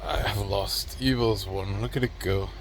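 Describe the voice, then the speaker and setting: A man rambling through a solo monologue in a weary, mumbling, low-energy way. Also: fairly even intonation, moderate pace, a little hiss or hum. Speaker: vlogger.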